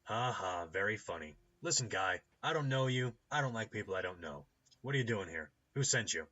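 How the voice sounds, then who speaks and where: A brusque male gatekeeper with an American accent, voiced by a man, wary of strangers. He speaks curtly, with a raised, lively pitch. The recording is slightly lo-fi. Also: brisk. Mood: suspicious. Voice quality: brusque, curt.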